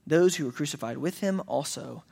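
A man's voice: fairly high pitch, lively intonation, a little fast, creaky, a little mellow, slightly rough. Man, pastor, preaching, earnest and emphatic, echoing church hall. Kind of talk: sermon. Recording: long reverb of a hall.

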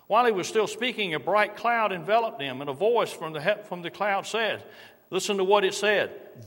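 A middle-aged man preaching a sermon, reading scripture and dropping to soft, slow emphasis on key lines. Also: sits high, animated. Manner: varies loudness widely, drops to soft slow emphasis. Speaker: pastor. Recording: long reverb of a large hall.

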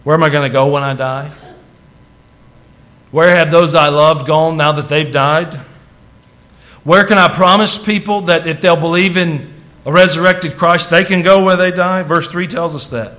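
A man's voice: on the high side, steady tone, moderate pace, sharp tone. A man preaching a sermon to his congregation, talking casually and building to fervent emphasis on scripture. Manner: conversational, rising to fervent emphasis. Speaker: pastor.

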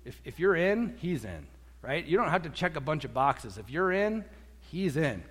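Animated preacher man in an echoey hall. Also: on the high side, moderate pace, husky. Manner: animated, acts out quotes, repeats words. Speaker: pastor. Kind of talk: sermon.

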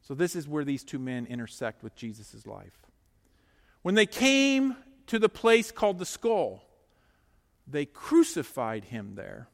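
A man preaching a sermon, swinging between hushed, slow lines and loud, urgent ones. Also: on the high side, wildly swooping pitch, vocal fry, in a large hall.

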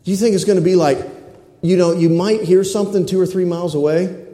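A man preaching a sermon as pastor in a church, excitable and calling out for amens from the congregation. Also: sits high, quick pace. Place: church sanctuary. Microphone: stage microphones. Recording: echoey church hall.

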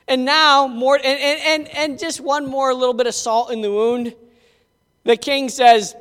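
High-voiced man preacher telling a Bible story. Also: measured pace, clear, resonant tone. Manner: animated and conversational, with asides to the listeners. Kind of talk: dramatic Bible storytelling sermon. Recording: echoey hall reverb.

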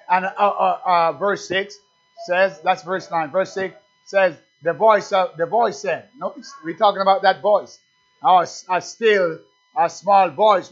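A man with a high voice preaches a sermon, calling to the congregation and surging into loud, emphatic peaks before dropping back. The recording sounds dull and lo-fi.

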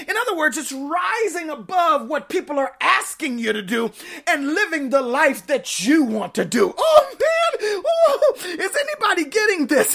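A woman preaching a sermon, emphatic and often shouting, laughing between lines and calling on the congregation to respond. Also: very high-pitched.

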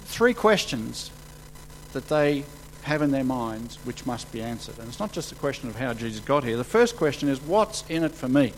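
Animated man preaching. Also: moderate pace, a little hiss or hum, poor audio. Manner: animated, acts out quotes with sudden jumps in pitch and loudness. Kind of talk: sermon.

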